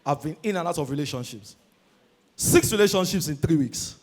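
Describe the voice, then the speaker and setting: Nigerian guy doing standup, high voice, jumps all over the place pitch-wise, super energetic and yelling the punchlines. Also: fairly quick. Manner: energetic, animated, shouting punchlines. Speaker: stand-up comedian. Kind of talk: stand-up comedy performance.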